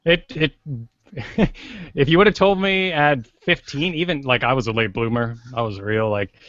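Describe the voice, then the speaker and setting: A young man, a voice actor, giving relaxed advice in a casual podcast chat. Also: medium pitch, normal speed, no room sound, highs cut off. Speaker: voice actor guest.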